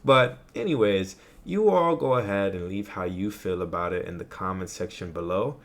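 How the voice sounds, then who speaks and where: A man hosting a vlog, giving his opinions in relaxed, conversational commentary. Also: low-pitched, normal speed. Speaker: vlog host. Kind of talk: casual commentary.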